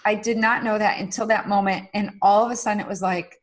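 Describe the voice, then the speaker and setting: As a guest on a podcast interview, a middle-aged woman talks fast in a steady, mid-range voice. She opens up earnestly and frankly, peppering her speech with fillers.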